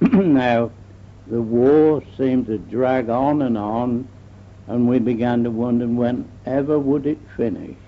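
A man's voice: mid-range voice, slow pace. An older man, recounting his war memories in a rambling oral history, often repeating "I said". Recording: dull old archival tape recording.

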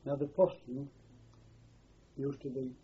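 In an oral history interview on dull lo-fi archive tape with faint hiss, an older man who was a prisoner of war recalls his wartime past, rambling and repeating words. His medium-pitched voice moves little in pitch, and he takes it slowly.

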